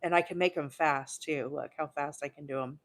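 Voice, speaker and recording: Excitable chatty woman in her forties. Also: low voice, a little fast. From Alabama. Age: 40s. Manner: bubbly, excitable, chatty with viewers. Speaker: crochet livestream host. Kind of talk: casual live crochet demo chat.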